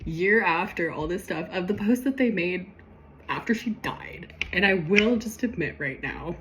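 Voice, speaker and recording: A woman with a somewhat low voice recaps her own story in a loose, chatty monologue. She is self-deprecating and often trails off mid-thought. A faint hiss sits under the recording. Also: expressive, a little slow, a bit bright.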